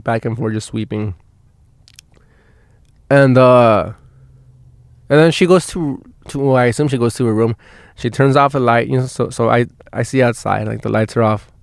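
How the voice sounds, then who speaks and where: A man's voice: mid-range voice, smooth, dry recording, studio quality. A man hosting a podcast, telling casual stories in a rambling way with lots of swearing and restarts, recorded in a van. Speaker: podcast host. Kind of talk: casual storytelling. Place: inside a van.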